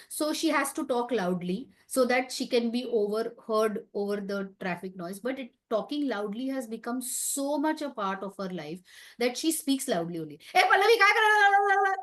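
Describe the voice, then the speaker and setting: A woman giving a light-hearted teaching talk, emphatic and conversational, putting questions to her audience. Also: a little high. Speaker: wellness talk speaker.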